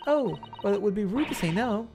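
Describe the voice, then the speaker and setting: A man's voice: high voice, lively intonation, fairly quick, music in the background, voice pushed up. Man doing a polite young woman assistant. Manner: polite, gently playful.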